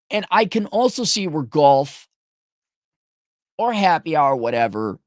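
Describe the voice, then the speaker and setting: A man's voice: mid-range voice, no room sound, studio quality. A man hosting a show, giving blunt, sarcastic and profane commentary in a casual way while reading viewer donations.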